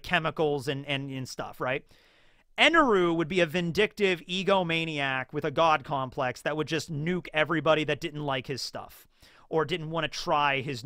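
A man rambles through casual anime commentary, animated and full of fillers. His voice sits high and sounds bright and forward. The recording is close and dry. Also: no echo.

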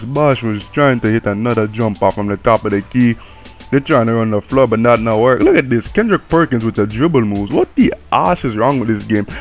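A man's voice: medium pitch, close to an everyday voice. A man voicing a brash, swearing male game commentator with a put-on Jamaican accent, calling the play live. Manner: swearing, mocking, excitable play-by-play.

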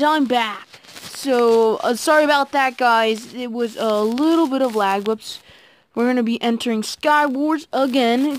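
A woman giving casual, excitable commentary while playing a game, talking to her viewers and admitting she is nervous. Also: fairly high pitch, a little hiss or hum. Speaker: gaming video creator.

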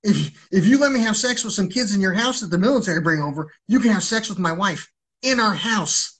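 A man's voice: high voice, lively intonation, fairly quick, a bit bright, breathy edge. A man ranting on a livestream in an agitated, rambling way, swearing heavily.

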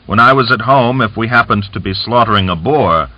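A man voicing a hoarse, callous male Cossack who talks in a rough, offhand, boastful way. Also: on the low side, fairly quick, no room sound, pitched above the performer's own voice, lightly acted. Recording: dull lo-fi audiobook recording.

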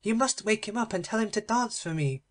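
A man's voice: sits high, lively intonation, moderate pace, a bit bright, voice pushed up. A man voicing a haughty, spoiled young princess who mocks and gives orders in a raised voice. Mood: mocking, imperious. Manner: mocking, imperious.

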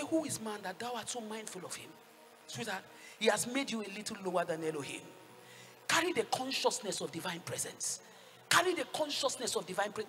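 A woman with a Nigerian accent and a medium-pitched voice preaches a fervent sermon, swinging between hushed tones and shouts. She calls for answers from the congregation in call-and-response fashion.

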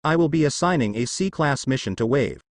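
A man's voice: medium pitch, lively intonation, normal speed, no echo, studio quality, natural voice. A man reading the lines of an aging village leader in a fan story, formal and a little weary.

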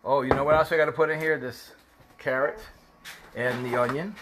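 A man hosting a casual home cooking show, excitable and joking, his voice jumping high when he gets worked up. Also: fairly quick, background noise.

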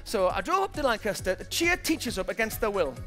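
Faint music plays beneath this man in his 50s, a motivational speaker giving a keynote to a live audience. His voice is very high and his delivery brisk, and as an animated storyteller he performs the voices of those he quotes.

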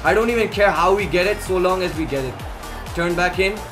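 Young male gamer, high voice, casual commentary, quick to yell at the screen, faint music behind. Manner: excitable, yells at the game, says "bro" and "man" a lot. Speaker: gaming YouTuber.

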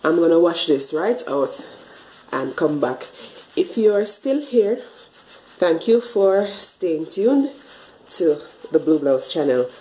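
Washing her hair on camera, a woman vlogger explains each step in a chatty, casual tutorial style, a little out of breath. Her voice is fairly low and dark in tone with lively intonation, and she takes it slowly; the audio is poor and sounds roomy.

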